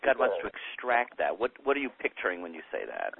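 A man's voice: on the low side, huge pitch swings, fast talker, gravelly, breathy edge. A man co-hosting a conversation, asking thoughtful probing questions. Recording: tinny phone-like sound.

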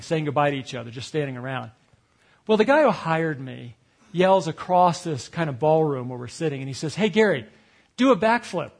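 A man preaching a sermon through a personal story, acting out what others said and laughing at himself as he goes. His voice sits a little high for a man and has a husky edge. He shifts between lively, punchy moments and quieter reflection. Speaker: speaker at a retreat.

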